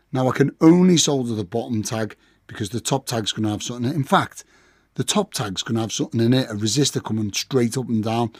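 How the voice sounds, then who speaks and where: A croaky man chats his way through a workbench build tutorial, breaking off into wry, self-deprecating asides. He has a mid-range voice, heard close and dry with almost no room sound. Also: medium pitch, a little mellow, dry recording. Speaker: pedal builder. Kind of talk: casual hands-on build tutorial.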